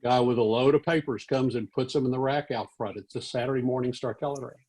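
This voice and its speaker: An older man from Texas in his sixties spins a lively anecdote for an audience. He talks at an average pitch and jumps into different voices for the people he quotes. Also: fast, husky, rough recording. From Fort Worth, Texas. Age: 60s. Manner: animated, acts out quoted voices. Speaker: veteran newspaper columnist. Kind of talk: storytelling talk to an audience.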